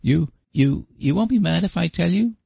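A man's voice: sits high, expressive, moderate pace, gravelly, dark tone, slightly rough, no echo, voice pushed up, heavily acted. A man voicing a small, anxious boy who pleads and stammers in a storybook reading.

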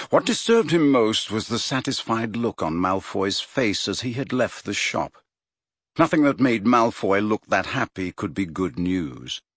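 A man narrates an audiobook with a lively, expressive rise and fall. His voice is husky, and the recording is dry and close. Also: lowish voice, dry recording. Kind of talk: scripted narration.

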